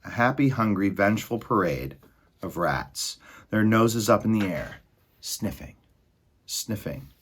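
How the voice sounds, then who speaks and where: A man reading a children's novel aloud in an expressive, dramatic way. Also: on the low side, unhurried, husky. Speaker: storybook reader.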